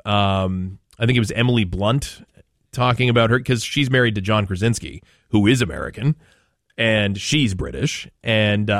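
Talk radio host, male, from Maine, lowish voice, chatty and rambling, dry close mic. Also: no room sound. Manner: chatty, rambling, with frequent restarts. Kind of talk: casual talk radio chat.

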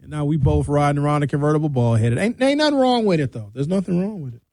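A man's voice: a little high, expressive, quick pace, dark tone, no echo. A man hosting a radio show, rambling through a bawdy comic monologue. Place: radio studio.

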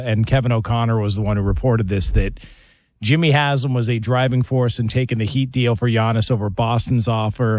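A man's voice: mid-range voice, darkish tone, dry recording. A man in casual sports talk, rambling and hedging with lots of fillers.

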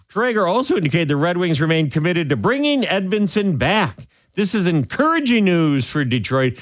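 A man hosting sports talk radio, opinionated and animated, often restarting his sentences. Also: sits high, no room sound.

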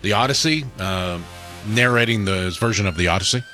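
A man's voice: fairly low pitch, a little fast, sharp tone, faint music behind. A man co-hosting a radio show, chatting casually and asking curious questions. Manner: curious, asks lots of questions.

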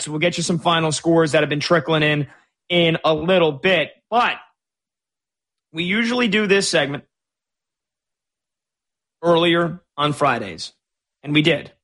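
A man's voice: on the high side, moderate pace, long pauses, fairly bright tone. A man hosting a sports radio show in a studio, chatty and opinionated with a playful streak. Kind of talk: casual sports talk. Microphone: studio microphone.

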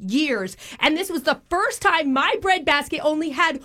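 A woman's voice: high voice, lively intonation, bright, forceful tone. A woman radio host playing an entitled customer who pushes and complains on a prank phone call. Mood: indignant. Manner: huffy, pushy, drawn-out demands. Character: entitled, indignant female restaurant complainer.

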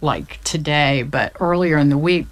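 Low-voiced, unhurried woman explaining economics. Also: dry recording. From Southern United States. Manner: fact-heavy, restarts mid-sentence. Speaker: economics commentator. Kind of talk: casual explanatory chat.

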